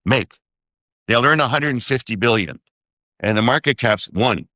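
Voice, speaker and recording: A man's voice: mid-range voice, animated, normal speed, pushed and bright, no room sound, studio quality. A man speaking as an investor guest in a casual interview, rambling, working out sums aloud and often checking "okay?".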